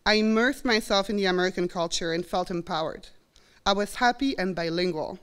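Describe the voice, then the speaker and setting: A woman's voice: mid-range voice, fairly quick. A woman in her forties from Belgium with a Belgian French accent, reflectively telling a personal story on stage. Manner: earnest, reflective, acts out quoted voices. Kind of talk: live storytelling performance. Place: college stage before an audience.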